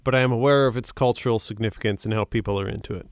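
An upbeat man co-hosting a casual podcast, quick to laugh at his partner. His voice is smooth and resonant at a middle pitch. The recording is dry and close. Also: no room sound. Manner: laughs easily, upbeat reactions. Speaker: podcast co-host. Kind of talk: casual chat.

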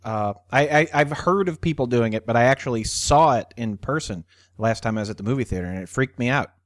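A man's voice: medium pitch, lively intonation, fast, no room sound. A man hosting a casual podcast chat, teasing and joking with his friends. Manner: playful, teasing.

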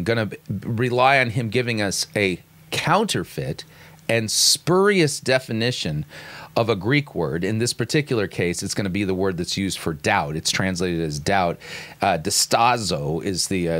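A low-voiced man talks through a sermon clip point by point. He reads scripture aloud and breaks down words, often restarting his sentences. The sound is close and dry. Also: fairly bright tone, no room sound. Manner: analytical, explains word by word with frequent restarts. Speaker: commentator critiquing a sermon. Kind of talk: commentary with scripture reading.

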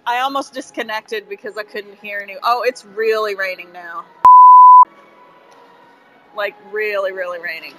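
A woman from Kentucky with a Kentucky accent, co-hosting a casual chat over a call, giggly and quick to exclaim. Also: medium pitch, steady tone, low-quality recording. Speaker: podcast co-host. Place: indoors. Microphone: call audio.

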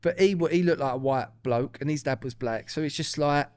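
Smooth-voiced man chatting on a podcast. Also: on the high side, brisk, darkish tone. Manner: chatty, hedging, swearing. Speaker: podcast co-host. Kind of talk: casual banter.

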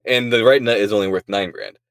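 A man's voice: fairly low pitch, a little fast, a bit bright, no room sound. A young man co-hosting a podcast, laughing and joking in crude casual chat. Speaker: podcast co-host.

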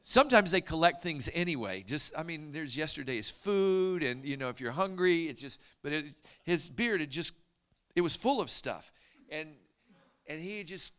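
A man preaching a storytelling sermon, animated and dropping to hushed whispers for emphasis. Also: a little high, moderate pace, clean tone.

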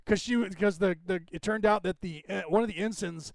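A middle-aged man co-hosting a podcast in rambling casual chat, swearing freely and telling animated stories. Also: high-pitched, fairly quick, vocal fry. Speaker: podcast co-host.

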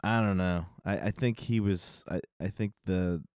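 Dude with a really low voice on a movie podcast, chill and jokey, dry close sound. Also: male voice, fairly even intonation, unhurried, a little mellow, clear, resonant tone, no room sound. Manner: laid-back, joking, short interjections. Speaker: podcast co-host. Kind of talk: casual movie discussion.

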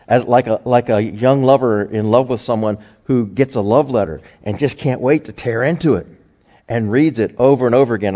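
A man's voice: lowish voice, mellow. A man preaching a sermon in a folksy, conversational way, telling homespun stories. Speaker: pastor. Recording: long hall reverb.

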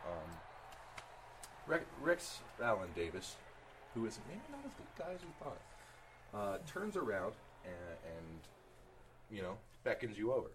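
A man narrating as game master of a tabletop game in an animated, chatty way. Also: lowish voice, unhurried, long pauses, background noise. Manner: animated, chatty, laughs often.

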